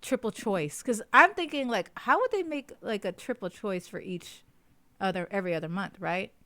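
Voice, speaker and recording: A congested woman co-hosting a podcast in casual chat, chatty and quick to giggle. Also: medium pitch, expressive, a bit bright, no echo. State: congested, sniffly. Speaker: podcast co-host.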